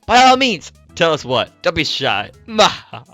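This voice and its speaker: A man's voice: medium pitch, big pitch swings, fairly quick, pushed and bright, no room sound, soft background music. A man voicing a bombastic young mad scientist in a game read-aloud, theatrical and gloating.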